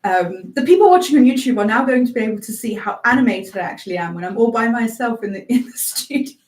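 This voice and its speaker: A woman's voice: fairly high pitch, expressive, fast talker, darkish tone, far from the mic. Chatty giggly woman radio presenter. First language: Afrikaans. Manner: chatty, giggly, self-deprecating. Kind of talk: casual live radio chat. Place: small radio studio. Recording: roomy sound from off-mic.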